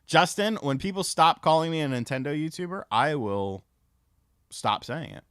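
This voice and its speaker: A man chatting on his livestream, his pitch swinging widely as he rambles through stories with plenty of swearing and fillers. His voice is bright and cutting, close to the mic in a dry, dead room. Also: expressive, normal speed, smooth, no room sound. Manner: rambling, profane, frequent fillers. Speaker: livestream host. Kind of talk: casual stream chat and storytelling.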